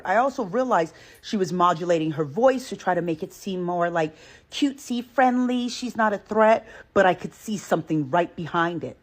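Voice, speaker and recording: Breathy woman telling an eerie story. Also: mid-range voice, normal speed. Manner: expressive, emphatic, repeats points, addresses viewers directly. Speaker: host of a reaction channel. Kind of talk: animated storytime talk to viewers.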